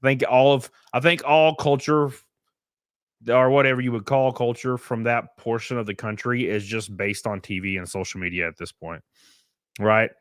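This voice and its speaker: A man's voice: mid-range voice, fairly even intonation, moderate pace, fairly bright tone, smooth, no room sound, studio quality. A young man, chatting live on a stream and reading viewer comments in a blunt, profane, rambling way full of fillers. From American South.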